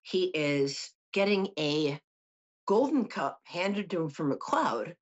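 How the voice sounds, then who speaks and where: A middle-aged woman with a low, expressive voice hosts a call-in psychic show, speaking slowly and reading tarot cards in a chatty, joking way full of asides. She's tired from getting no sleep, and the recording has its highs cut off.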